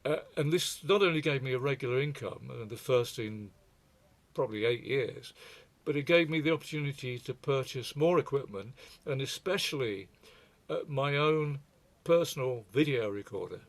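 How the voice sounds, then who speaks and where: Brief: an older male speaker presenting with a mid-pitched voice and a wry, digressive storytelling manner. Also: expressive, normal speed. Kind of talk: reflective presentation talk.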